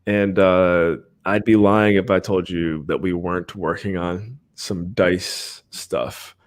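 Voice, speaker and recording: A man's voice: deep voice, slow. A man hosting a live podcast stream, chatting casually and hyping the giveaways for his viewers. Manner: excitable, hypes the giveaways with countdowns.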